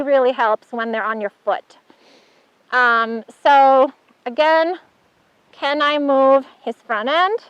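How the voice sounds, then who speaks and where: Bright, high-voiced woman teaching horsemanship. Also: no room sound, highs cut off. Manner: chatty and encouraging, praising the horse often. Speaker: horsemanship instructor. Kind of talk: hands-on outdoor lesson demonstration.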